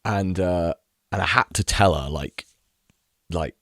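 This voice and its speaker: A man's voice: low voice, unhurried, a bit bright, no room sound, clean studio sound. A man telling a story to the camera in a casual, agitated rant, full of fillers, restarts and swearing. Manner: swears freely. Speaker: vlogger.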